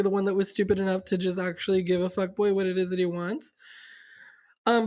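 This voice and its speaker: A young woman spins a candid story for her podcast, rambling with plenty of fillers and casual swearing. Her voice sits at an ordinary middle pitch. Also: a little mellow. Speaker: podcast co-host.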